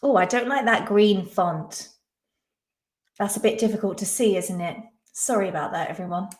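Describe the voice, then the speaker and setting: At a moderate pace, a young woman with a mid-range, slightly mellow voice runs a live online quiz in a roomy-sounding space. Her live-stream chat is casual, full of giggles, and she reads viewers' comments aloud.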